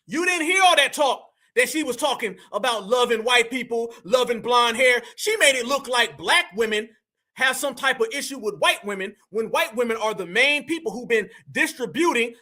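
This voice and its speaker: A man's voice: very high-pitched, pushed and bright. A man giving opinionated commentary to his viewers, emphatic and full of slang, often calling them fam and y'all. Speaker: online commentator.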